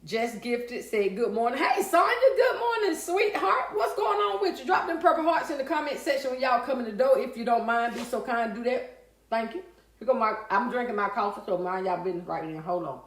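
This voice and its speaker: A woman's voice: fairly high pitch, fairly quick. A woman hosting a casual livestream, chatting with viewers and reading out their comments in a folksy way. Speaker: livestream host. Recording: echoey room.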